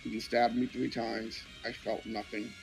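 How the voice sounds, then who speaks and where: A man voicing a cold, menacing man who collects blood in vials, speaking in curt, flat threats. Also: lowish voice, measured pace, vocal fry, faint music behind, voice pushed down, poor audio.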